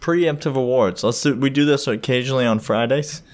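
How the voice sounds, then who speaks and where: A man's voice: medium pitch, brisk. A man in his thirties co-hosting a sports podcast, chatting casually and animatedly, laughing often and acting out quoted dialogue.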